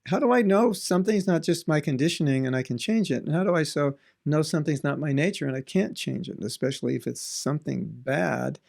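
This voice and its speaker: A man's voice: on the high side, expressive, fairly quick, vocal fry, hardly any pauses, a little mellow. A man giving a devotional talk in an earnest, conversational way, asking his listeners rhetorical questions. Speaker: spiritual teacher.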